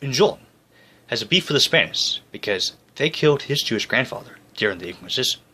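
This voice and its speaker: A man narrating history in a jokey, breezy way, tossing in quick voiced asides. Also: mid-range voice, expressive, sharp tone, slightly rough.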